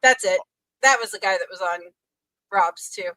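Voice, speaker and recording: A woman co-hosting a podcast in casual chat, upbeat and quick to laugh. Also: mid-range voice, bright, forceful tone, no echo. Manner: chatty, laughs easily, upbeat. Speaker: podcast co-host.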